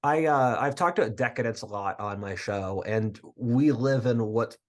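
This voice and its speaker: This podcast guest, a twentysomething man from just outside Philadelphia, has a mid-range voice and keeps a moderate pace. In easygoing interview conversation, he drifts earnestly through long, meandering tangents.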